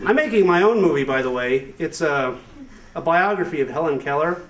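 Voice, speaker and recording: A young man performs a live stand-up routine, wandering through his bits with fillers and dry asides. His voice sits a little high, heard from a distance in a reverberant space with steady background noise. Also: brisk. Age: young adult. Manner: rambling, deadpan asides with hesitant fillers. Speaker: stand-up comedian. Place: live show venue with audience. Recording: echoey room, far from the mic, noisy amateur recording.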